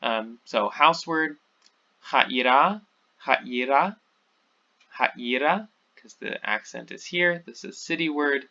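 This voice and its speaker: A man talks through a recorded lecture in a loose, unscripted way, full of ums and false starts. His voice is gravelly with a bright edge, and the audio sounds dull and lo-fi. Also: fairly high pitch, expressive, a little slow, hardly any pauses. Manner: informal, many fillers and restarts. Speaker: teacher.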